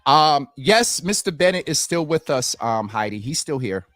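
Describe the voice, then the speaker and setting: A man's voice: a little high, moderate pace, no echo, studio quality, soft background music. An earnest man hosting a casual community talk show, speaking straight to his viewers. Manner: earnest, animated, addresses viewers as y'all. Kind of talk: casual livestream commentary.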